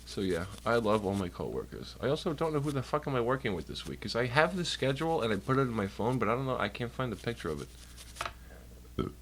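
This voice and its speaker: A man's voice: mid-range voice, very animated, brisk. A man chatting casually on a livestream from home, rambling and swearing while doing chores. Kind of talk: casual rambling stream chat. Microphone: computer mic while streaming.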